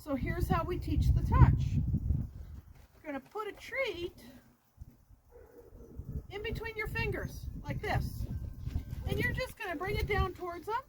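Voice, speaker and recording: This woman trains dogs outside by a road, explaining every step in plain terms and pausing often. Her delivery is a bit slow but lively in pitch, and she switches to a high sing-song when praising the dog. Background noise is loud.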